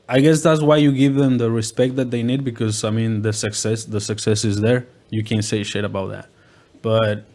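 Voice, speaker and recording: A man's voice: medium pitch, a little mellow. A man who is a rapper, talking as a guest in casual chat, hesitant and repeating words with lots of fillers.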